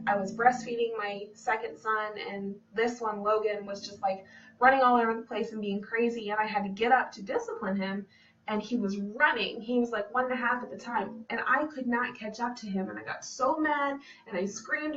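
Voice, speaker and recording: A woman's voice: medium pitch, a bit bright. A young woman, a fitness business coach, talking to camera at home in an earnest, personal, casual way. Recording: dull, slightly distant home recording.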